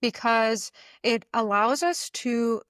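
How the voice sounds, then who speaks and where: A woman relationship coach speaking in a calm, earnest, soothing podcast monologue, now and then swearing casually. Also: a little high, slow, no echo, clean studio sound.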